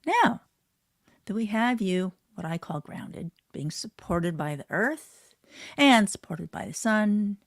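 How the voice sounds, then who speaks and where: A woman sound healer leading a guided healing meditation, speaking softly and slowly and often dropping to a whisper. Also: on the low side, big pitch swings, dry recording. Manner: soft, slow, often drops to a whisper.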